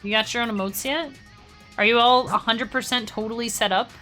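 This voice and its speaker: A young woman live-streams a game, chatting casually with her viewers and laughing easily, as faint music plays behind her. Her voice is on the high side, bright and forceful, with fairly even intonation.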